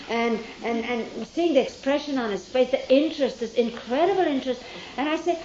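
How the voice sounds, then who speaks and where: A woman with a slightly high voice recounts a childhood memory to a listening group, animated and hesitant in turns as she plays out the old conversations. The recording is dull and lo-fi, carrying the long ring of a roomy hall with a faint hiss underneath. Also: fairly quick, few pauses. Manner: animated, acts out remembered dialogue with rising pitch; hesitant fillers and self-corrections. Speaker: storyteller recalling her youth. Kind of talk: informal spoken memoir to a listening group.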